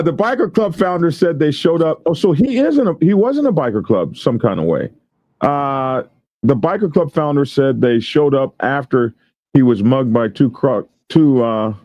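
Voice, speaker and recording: Male host, laughs a lot, animated delivery, dry close mic. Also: medium pitch, dry recording, lo-fi sound. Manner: laughs often, reads news aloud and riffs on it. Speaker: show host. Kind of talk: casual news commentary.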